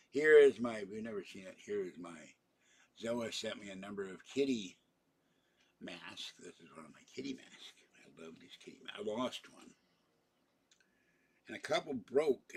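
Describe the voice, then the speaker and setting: Man, livestream host, husky breathy voice, tired, rambling, lots of ums and uhs, casual chat. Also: on the low side. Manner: rambling and digressive, with many fillers. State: tired, yawning.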